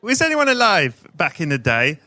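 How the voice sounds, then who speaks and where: A man's voice: a little high, wildly swooping pitch, moderate pace, pushed and bright. A man hosting a live podcast, joking and laughing often, and sometimes putting on a posh, old-fashioned voice. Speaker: podcast host. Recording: live stage mic with faint noise.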